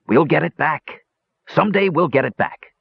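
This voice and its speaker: A man's voice: a little high, lively intonation, normal speed, creaky, breathy edge, no echo, voice pushed up, heavily acted. A man voicing a sly, blustering dwarf gambler who stammers sheepishly, in an audiobook reading. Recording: dull lo-fi recording.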